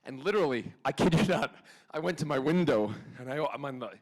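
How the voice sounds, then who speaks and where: A man's voice: fairly high pitch, expressive, quick pace. A man at a fan convention panel, telling stories to the crowd in a playful, theatrical way and laughing often. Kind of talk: animated anecdote telling to a crowd. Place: convention hall stage.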